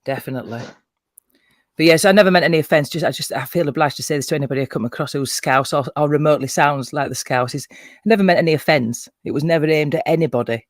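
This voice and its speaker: A man's voice: a little high, quick pace, no echo, clean studio sound. A man with a Yorkshire accent, chatting casually as a guest on a livestream panel, sweary and self-mocking with frequent laughter. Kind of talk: casual chat.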